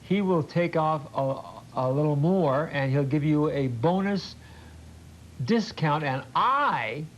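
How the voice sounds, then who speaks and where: Older man pitching cars on TV. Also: lively intonation. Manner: halting, repeats words, jokey. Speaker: TV host doing an in-studio ad. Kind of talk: folksy on-air sales pitch. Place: TV studio. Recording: muffled old TV broadcast with faint hiss.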